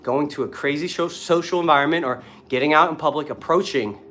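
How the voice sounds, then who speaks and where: A man's voice: a little high, a little fast, fairly bright tone, a little hiss or hum. A young man talking casually and with swearing in a vlog while doing push-ups, a bit out of breath. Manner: casual, profane, talks between push-ups. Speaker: dating coach.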